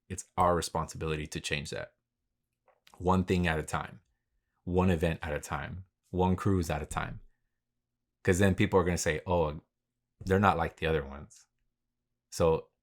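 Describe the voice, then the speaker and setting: Deep-voiced laid-back man talking cars. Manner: laid-back, profane, rambling with slang. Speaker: podcast host. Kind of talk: casual solo podcast monologue.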